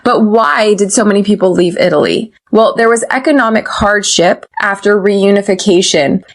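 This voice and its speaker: An American woman hosting an English-learning podcast, explaining an idiom and leading slow repeat-after-me drills. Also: mid-range voice, low-quality recording. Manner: slow, clear drills with laughs. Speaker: English teacher and podcast host. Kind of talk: scripted teaching.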